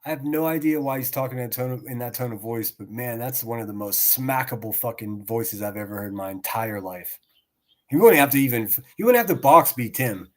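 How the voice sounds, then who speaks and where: A man's voice: medium pitch, expressive, fairly quick. A man streaming and reacting to clips, ranting in a profane, mocking way and laughing sarcastically at his target.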